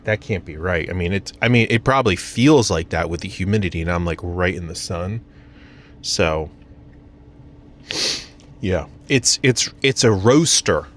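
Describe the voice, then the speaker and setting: A man's voice: low voice, expressive, a little slow, long pauses, a little hiss or hum. An American man vlogging from his parked car, rambling casually with lots of fillers and self-mocking asides. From United States.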